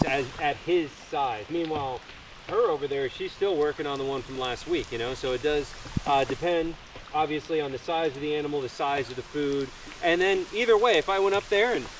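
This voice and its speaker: A man's voice: on the high side, fairly bright tone, poor audio. A man hosting a casual vlog at an animal sanctuary, talking loosely with plenty of "like" and "you know". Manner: chatty, many "like" and "you know" fillers. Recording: outdoor noise in the background.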